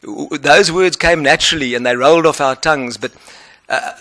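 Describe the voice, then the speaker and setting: A man with a South African accent answering questions as an advocate in a formal interview, earnest and measured. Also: a little high, fairly bright tone, no room sound.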